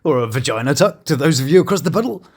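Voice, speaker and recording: Lively sarcastic male commentator. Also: fairly high pitch, fast talker, a little hiss or hum. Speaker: YouTube show host and reviewer. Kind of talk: comic review commentary.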